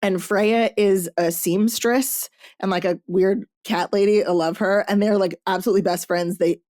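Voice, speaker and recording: A woman hosting a podcast, chatting casually about books in an animated way, swearing freely and acting out lines. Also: medium pitch, moderate pace, no room sound, studio quality. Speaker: podcast host reviewing romance books. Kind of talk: casual chat.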